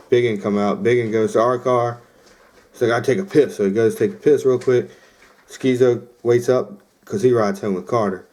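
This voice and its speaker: Hosting his podcast, a young man with a lowish, slightly mellow voice rambles casually through a story, filling it with fillers and quoted asides.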